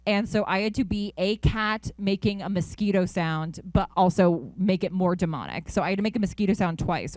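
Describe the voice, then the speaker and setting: Upbeat young woman, dry close mic, animated interview guest. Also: fairly low pitch, dry recording. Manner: animated, upbeat, lots of fillers. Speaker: voice actor guest. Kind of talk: casual interview chat. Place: convention interview.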